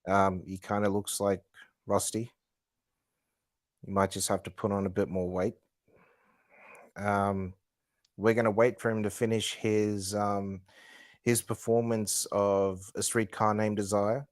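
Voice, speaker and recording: A man with an Australian accent co-hosting a casual movie news podcast, relaxed and swearing casually. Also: on the low side, unhurried, long pauses, no echo, clean studio sound. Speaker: podcast co-host. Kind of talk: casual chat.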